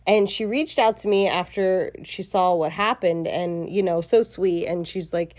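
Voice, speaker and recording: A woman's voice: on the low side, moderate pace, hardly any pauses, a little mellow. A woman in her forties hosting a casual faith podcast, talking in a gushing, rambling way with lots of fillers. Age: 40s. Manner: effusive, rambling, many fillers. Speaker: podcast host.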